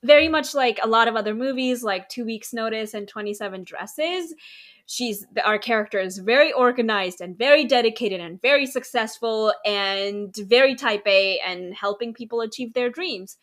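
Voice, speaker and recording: Bright-voiced woman podcast host. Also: on the high side, moderate pace. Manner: enthusiastic, rambling, laughs often. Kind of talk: casual chat.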